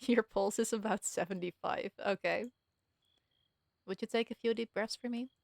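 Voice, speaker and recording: A gentle, awkward male therapist from a story game who chooses his words carefully and apologizes easily, as a woman reads his lines. He speaks softly and cautiously in a middle register, and the recording is dry and close. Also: mid-range voice, steady tone, normal speed, gravelly, no echo, lightly acted. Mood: calm. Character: gentle awkward male mental health worker.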